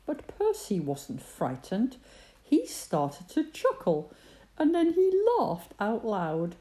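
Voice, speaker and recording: A woman reading a children's story aloud in an expressive, sing-song way. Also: mid-range voice, slow pace.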